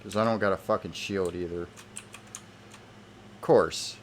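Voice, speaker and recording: A man talks over his gameplay in a fairly low voice, irritated and swearing nonstop. He speaks into a desk microphone with a faint hiss underneath. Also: fairly even intonation, fast talker, fairly bright tone. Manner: irritated, heavily profane ranting. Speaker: gamer. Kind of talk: gameplay commentary.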